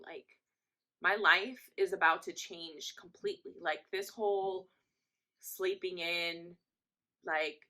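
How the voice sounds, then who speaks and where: A young woman vlogger in casual storytime, telling an anecdote in a lively, chatty way. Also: fairly low pitch. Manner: chatty, animated storytelling that acts out quotes.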